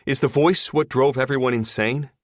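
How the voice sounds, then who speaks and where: A man's voice: medium pitch, normal speed, no echo, clean studio sound, pitched above the performer's own voice, lightly acted. A man voicing a curious young adult son in an audiobook, asking short questions in a raised voice.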